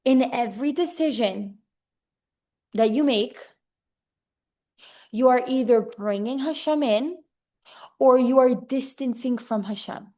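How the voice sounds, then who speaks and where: A young woman giving an informal religious class to women, emphatic and animated, often checking in with "okay?" and repeating her key phrases. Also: on the high side, slow, pauses often.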